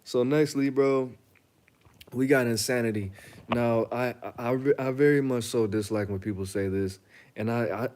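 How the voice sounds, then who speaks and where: A man's voice: medium pitch, moderate pace, darkish tone, a little hiss or hum. A young man hosting a reaction channel, talking casually and bluntly to the camera, joking and telling stories in slang. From Chicago.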